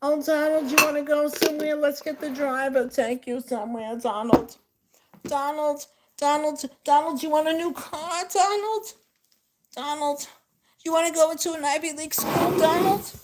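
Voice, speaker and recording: A fawning parent coos over a spoiled son in a high, sing-song voice, as a woman puts the voice on. Every line is sweet and indulgent. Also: moderate pace, very noisy, lightly acted.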